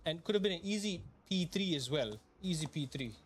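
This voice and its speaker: A young Malaysian man streams a sim race, providing live gaming commentary as he vents aloud with repeated questions and mumbled asides. His voice is a little high, expressive, and a little fast, with a faint hiss or hum.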